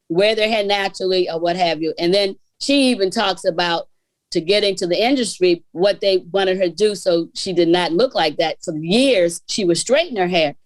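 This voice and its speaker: A woman co-host in a casual panel chat, telling a story in an animated way and acting out the voices she quotes. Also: fairly low pitch, no echo.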